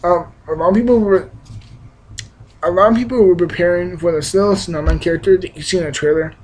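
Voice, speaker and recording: A young man gives a casual, rambling movie review, enthusiastic and emphatic, with frequent restarts, fillers and emphatic bursts. His voice sits high and is slightly rough, he speaks fairly quickly, and the recording is low quality.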